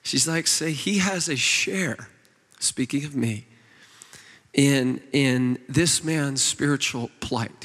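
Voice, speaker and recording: A man's voice: medium pitch, a bit bright. Earnest man preaching in a reverberant hall. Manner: earnest, tender and emotional, with many fillers and restarts. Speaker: worship leader preaching at a conference. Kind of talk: sermon with personal storytelling. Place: large church conference hall.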